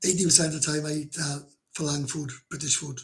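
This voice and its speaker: A middle-aged Welsh man with a gravelly voice, pitched a bit high for a man. He hosts a casual livestream and chats with viewers in a blunt, rambling way. He swears freely and laughs often. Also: steady tone, fast. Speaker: livestream host. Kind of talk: casual livestream chat, reading comments.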